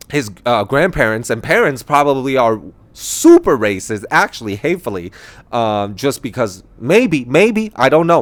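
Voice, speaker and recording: A man talking casually about his own views, laughing as he goes and jumping into other people's voices. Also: medium pitch. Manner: animated, laughing, quick quoted voices. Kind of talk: casual opinion monologue.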